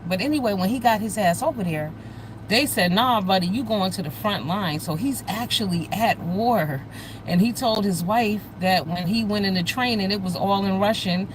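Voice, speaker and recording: An American woman hosting a casual livestream, chatting with viewers in a blunt, profane and animated way. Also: mid-range voice, moderate pace, background noise. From United States. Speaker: livestream host.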